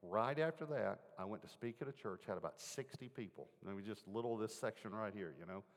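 A man with a fairly low voice preaches a sermon, telling a personal story in an earnest, chatty way. His words ring out with a long reverb, as in a large hall. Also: fairly quick. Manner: earnest, conversational, asks the audience questions.

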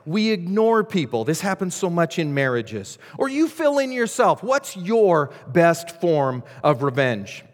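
A man's voice: fairly high pitch, sing-song, a little slow, few pauses. A man preaching a sermon as pastor, telling a Bible story with dramatic, varied delivery and acted voices. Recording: long hall reverb.

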